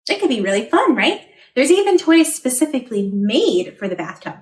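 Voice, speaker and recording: Here a children's librarian, a woman, speaks slowly in a high, lively, echoey storytime voice. She animates the picture book she's reading aloud with sound effects and questions directed at the kids.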